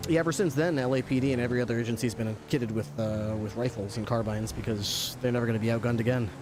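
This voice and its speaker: A man's voice: mid-range voice, fairly even intonation, fast talker, over music. A young man playing a deputy in a police role-play, chatting eagerly. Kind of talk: casual role-play chat on a game stream. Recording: game voice chat with vehicle and ambient noise. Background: game ambience and vehicle sounds.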